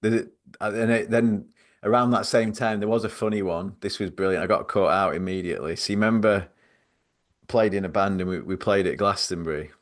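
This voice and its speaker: A man on a podcast telling stories in a loose, rambling way. He speaks in a lowish voice, laughs easily and pokes fun at himself. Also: fairly even intonation, brisk. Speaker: podcast host. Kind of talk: casual storytelling chat.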